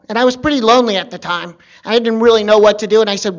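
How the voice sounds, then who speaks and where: A man from Virginia telling a personal story in a wry, conversational way with deadpan asides. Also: sits high, quick pace, dull audio.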